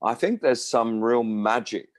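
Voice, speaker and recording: A man's voice: mid-range voice, expressive, unhurried, no echo. A man in his sixties from Australia, talking casually in an interview as a musician, rambling through stories and acting out the voices of people he quotes. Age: 60s. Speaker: musician guest.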